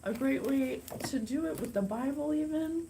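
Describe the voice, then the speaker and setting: Woman, psychic host, chatty, gushing, slightly high-pitched, faint background hiss. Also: normal speed, low-quality recording. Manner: chatty, bubbly, gushing and excitable. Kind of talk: casual direct-to-camera talk.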